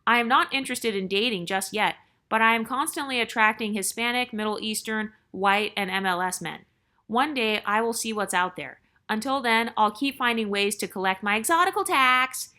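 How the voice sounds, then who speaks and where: Woman host, bright tone, casual storytime reading with chatty asides. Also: on the high side, normal speed. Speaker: channel host. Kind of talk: reading a viewer's story and commenting.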